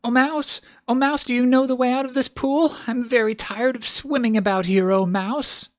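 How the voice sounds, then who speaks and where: Alice, a man voicing a high eager girl. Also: fairly even intonation. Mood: formal pleading. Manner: high, breathless, halting with stammers. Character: polite eager little girl, anxious to please.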